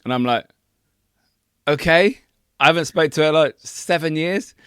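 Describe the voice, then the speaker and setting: A man's voice: fairly high pitch, measured pace, fairly bright tone, smooth, dry recording, studio quality. A man co-hosting a podcast, bantering with laughter and swearing. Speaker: podcast co-host. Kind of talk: casual chat.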